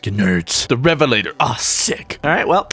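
Excitable young man with a lively pitch. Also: normal speed. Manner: excitable, jokey, shouts at opponents. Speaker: gaming YouTuber. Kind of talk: live gameplay commentary.

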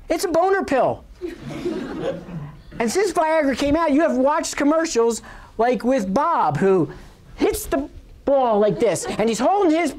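Male professor, 50s, comic storyteller, bawdy and self-mocking, very expressive pitch. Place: lecture hall.

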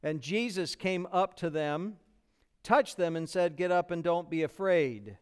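Male American pastor, high, clear voice; earnest expository sermon. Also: animated, measured pace. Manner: earnest expository preaching, acting out quotes.

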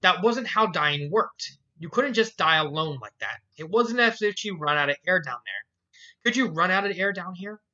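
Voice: medium pitch, expressive, normal speed, sharp tone, lo-fi sound. A fan fiction reader narrating a story aloud, often stumbling and restarting lines, with the odd swearing aside. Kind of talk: amateur fan fiction reading.

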